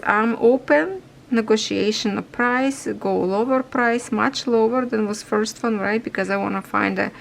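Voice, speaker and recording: A woman's voice: medium pitch, vocal fry, a little hiss or hum, low-quality recording. A woman chatting casually while she stitches, speaking broken, non-native English in a rambling way and sounding a little stuffy. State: stuffy nose. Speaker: cross-stitch vlogger.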